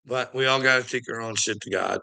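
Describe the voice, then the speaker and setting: A man's voice: mid-range voice, a little fast, gravelly, pushed and bright. A man ranting casually to his viewers, swearing constantly, rambling and laughing between thoughts. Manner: profane, rambling, laughing often.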